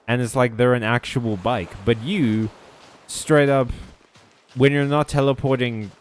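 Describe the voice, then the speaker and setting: A man's voice: medium pitch, steady tone, measured pace, slight background noise. A man giving joking commentary over a video game playthrough, full of sarcastic asides. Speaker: let's play host.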